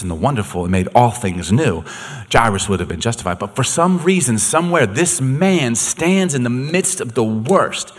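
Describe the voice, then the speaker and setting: A man preaching a sermon, dramatic and swinging from quiet to loud, in a long echoey hall. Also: medium pitch, husky. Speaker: pastor.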